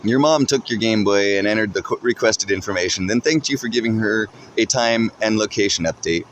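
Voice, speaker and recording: A man narrating a second-person story in a steady, plain reading voice. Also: lowish voice, a little fast, slight background noise.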